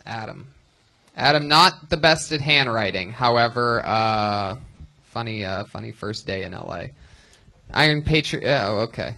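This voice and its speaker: Bright-voiced man hosting a comedy show. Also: medium pitch, lively intonation, unhurried, gravelly. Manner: teasing, laughing banter. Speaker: host. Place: live comedy venue.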